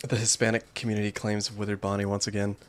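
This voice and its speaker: A man's voice: fairly low pitch, monotone, quick pace, faint music behind. A man streaming a horror game, commenting with joking, self-deprecating asides.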